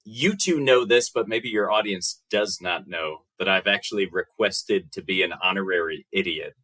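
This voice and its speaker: A man's voice: deep voice, normal speed, sharp tone, poor audio. An American man in his thirties, a podcast guest talking casually with dry, self-mocking humor. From United States. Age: 30s.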